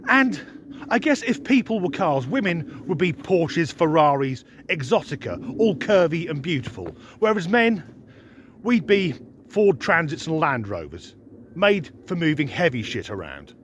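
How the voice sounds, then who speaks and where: Bloke ranting sarcastically, swears a lot, fairly high voice that jumps all over. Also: male voice, sing-song, measured pace, a bit bright, a little hiss or hum. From United Kingdom. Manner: sardonic, sweary, mock-incredulous. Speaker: comedy vlogger. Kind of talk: comic rant to camera.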